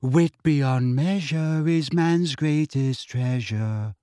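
A man reading a story aloud, voicing a strange, dreamy teenage girl who speaks slowly in a drifting, sing-song way. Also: fairly high pitch, dark tone, dry recording, clean studio sound. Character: dreamy, odd teenage girl, serene and distant.

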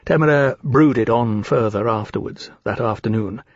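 A man giving a steady, formal scripted narration of a novel. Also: medium pitch, normal speed, no echo. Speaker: audiobook narrator. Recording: slightly dull, dry recording.

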